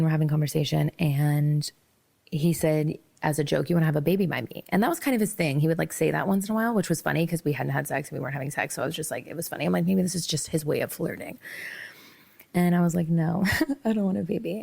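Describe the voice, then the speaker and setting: Young woman host spilling a dating story, lowish voice with lots of fry, laughs a lot. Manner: animated, laughing, acts out both sides of conversations. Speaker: podcast host. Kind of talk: casual storytelling.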